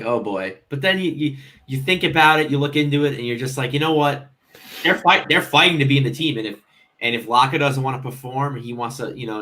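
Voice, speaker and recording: A man on a casual fan podcast panel, talking in an excitable way and repeating himself. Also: mid-range voice.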